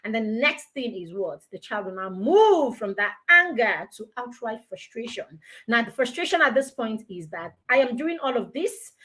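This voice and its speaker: Lady giving an online parenting talk, animated, slightly high voice, plays out little dialogues. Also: moderate pace. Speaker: parenting mentor.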